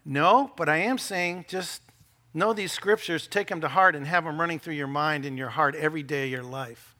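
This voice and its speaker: A male pastor preaches with a high, bright voice. He is animated, jokes with his congregation and slips into playful quoted voices to make his point. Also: fairly quick. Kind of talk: sermon.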